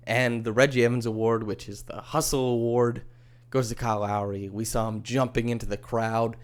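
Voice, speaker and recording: Easygoing male podcast host. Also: medium pitch. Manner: chatty, wry, easygoing. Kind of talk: casual solo podcast commentary.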